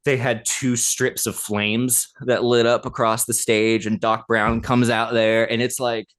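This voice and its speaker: A man's voice: medium pitch, little pitch movement, measured pace, a bit bright. A man in his thirties, a podcast co-host, chatting casually and telling a story with enthusiasm and lots of fillers. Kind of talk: casual chat.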